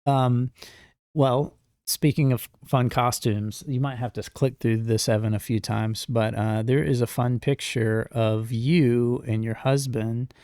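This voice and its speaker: A man's voice: medium pitch, fairly even intonation, darkish tone, clean tone, dry recording, studio quality. A man hosting a podcast interview, asking questions hesitantly with many ums and uhs. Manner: hesitant, fills pauses with um and uh. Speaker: podcast host. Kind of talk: casual interview.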